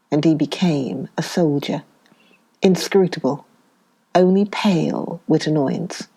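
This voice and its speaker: A woman from the United Kingdom reading a novel aloud as an audiobook narrator, in a slow, measured way, voicing the dialogue. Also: on the low side, warm tone. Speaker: audiobook reader. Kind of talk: scripted narration.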